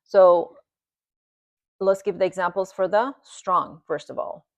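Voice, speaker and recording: A woman's voice: lowish voice, slow, no room sound. A woman teaching recitation at a board, explaining patiently and demonstrating each sound several times.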